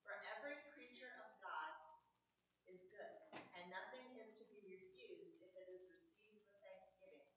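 A woman in a class reading a passage aloud at a measured pace. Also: medium pitch, fairly even intonation, fairly bright tone. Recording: echoey, distant, dull sound.

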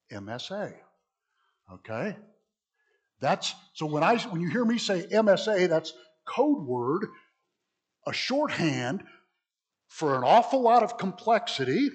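A man leads a church Bible lesson in a loose, conversational way. He keeps putting questions to his listeners and often breaks off to restart a sentence. His voice sits a little high and has a husky grain. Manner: conversational, asks the audience questions, rambling restarts. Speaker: preacher teaching a church class. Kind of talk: interactive Bible teaching.

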